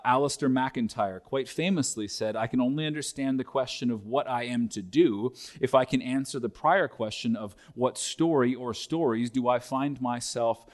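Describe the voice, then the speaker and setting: A man delivering a sermon as a pastor, reading scripture aloud and building intensity through repeated phrases. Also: medium pitch.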